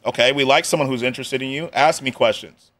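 A man streaming live, reacting to a video with relaxed, slang-heavy chatter. His voice sits at an ordinary pitch for a man, and his delivery stays loose and offhand, full of joking asides. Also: quick pace.

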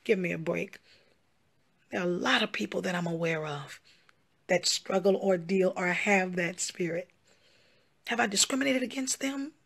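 A woman's voice: lowish voice, normal speed, vocal fry, long pauses, a bit bright. A woman pastor speaking straight to her followers in a video, emphatic and pleading, and she often repeats herself. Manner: emphatic, pleading, repetitive, calls listeners "y'all" and "honey". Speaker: pastor and gospel singer. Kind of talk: direct-to-camera social media address.

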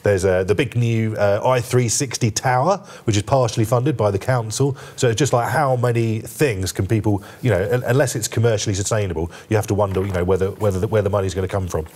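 A male journalist appears as a guest on a TV newspaper review, speaking fast with hardly any pauses in a lowish, slightly mellow voice. Even so, he talks in stops and starts, with lots of fillers and restarts and a lightly joking tone during the studio discussion.

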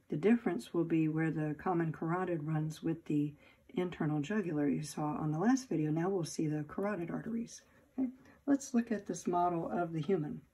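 A woman's voice: low-pitched, mellow, slightly rough. A woman anatomy instructor giving a recorded lab lecture, explaining step by step with fillers and self-corrections.

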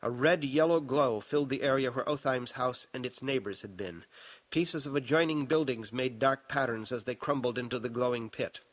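A man narrating his own novel in a measured, dramatic audiobook reading. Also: mid-range voice, fairly bright tone, no room sound, rough recording.

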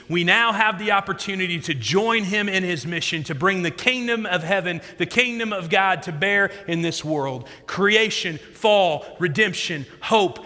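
Man, pastor, storytelling sermon, bright forceful voice, long reverb of a church hall. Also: high voice. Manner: storytelling, animated, shifts between loud emphasis and quiet reflection.

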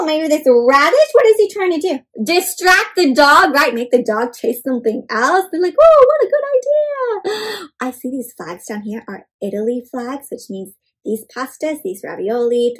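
A woman reading a picture book aloud to children, animated and often asking her young listeners questions. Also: sits high, moderate pace, slightly rough. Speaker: children's storyteller. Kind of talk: interactive read-aloud for kids.

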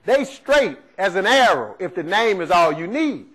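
A man's voice: high voice, sing-song, normal speed, a bit bright, low-quality recording. A male preacher giving a conversational sermon, often asking "right?" as he teaches. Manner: preaching in a conversational style, asks "right?" again and again.

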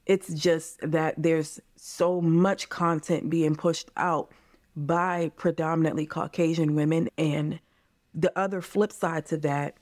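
Speaking slowly, with fairly even intonation, a woman with a deep and slightly mellow voice is heard in clean studio sound without any room sound. The American guest, in her forties, is passionate and earnest during a candid podcast interview, often referring to listeners as "you guys."

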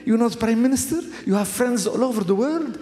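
A man's voice: very high-pitched, expressive, brisk, warm tone, pitched above the performer's own voice. A man putting on an earnest, pleading young son. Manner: urgent, pleading questions. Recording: echoey hall.

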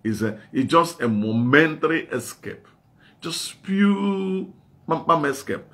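A man's voice: fairly high pitch, sing-song, slow pace, fairly bright tone. A middle-aged male evangelist preaching a sermon, asking emphatic repeated questions and telling his stories in a plain, unscripted way.

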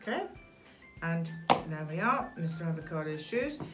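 Animated sing-song Englishwoman in her sixties. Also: deep voice, normal speed, over loud music. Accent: British English. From England. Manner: animated, sing-song, addressing children directly. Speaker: children's show host. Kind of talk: children's craft storytelling.

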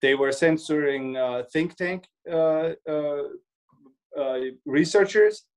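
Male co-host, slightly raised pitch, halting, restarts often, voices imagined remarks. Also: clear, resonant tone, poor audio. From Germany. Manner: hesitant with many restarts, acts out imagined quotes. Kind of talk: casual discussion.

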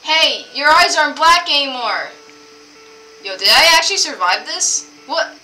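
Uma mulher jogando e comentando em tom animado e brincalhão. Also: female voice, high voice, a little slow, echoey room, recorded from a distance, soft background music, rough recording. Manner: excitable, jokey. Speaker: gamer playing a story game. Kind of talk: casual gameplay chat.

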